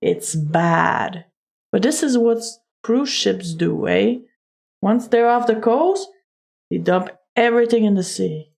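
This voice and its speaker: Slow-talking gravelly woman streamer. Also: mid-range voice, animated, a little mellow. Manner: chatty, joking, laughs often. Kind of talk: casual let's-play commentary.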